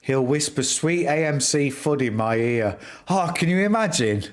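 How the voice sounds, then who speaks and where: A man's voice: fairly high pitch, moderate pace. A middle-aged man hosting a live stream, chatting casually and teasing his viewers by name. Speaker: livestream host.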